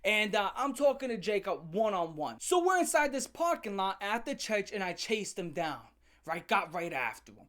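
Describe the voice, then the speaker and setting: A woman telling a comic story as a channel host, in a sarcastic, profane and animated rant. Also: medium pitch, normal speed.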